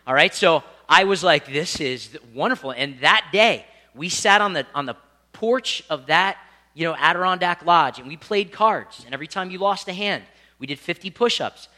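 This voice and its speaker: A young man preaching a sermon, telling stories with lots of asides and animated delivery. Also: on the high side. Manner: animated storytelling with asides and laughs.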